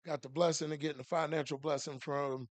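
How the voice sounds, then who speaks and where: A man co-hosting a podcast in relaxed casual chat, slangy and full of shout-outs. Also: a little high, fairly quick, no echo. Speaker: podcast co-host.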